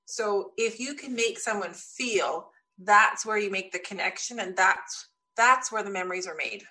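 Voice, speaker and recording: Bright, lively woman telling stories. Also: medium pitch, normal speed. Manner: lively storyteller, acts out quotes. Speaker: podcast guest. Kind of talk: casual interview chat.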